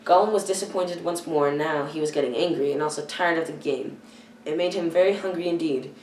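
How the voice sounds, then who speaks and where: A teenage girl reading a children's novel aloud, careful and halting, often stumbling and correcting herself. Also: sits low, darkish tone, slight background noise. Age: teens. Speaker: youth reader. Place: church hall. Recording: echoey room, far from the mic.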